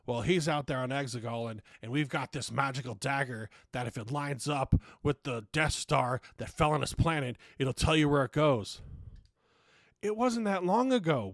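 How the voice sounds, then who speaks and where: A man's voice: medium pitch, normal speed, dry recording, studio quality. A man hosting a podcast, ranting casually and sarcastically, swearing freely and often restarting his sentences. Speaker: podcast host.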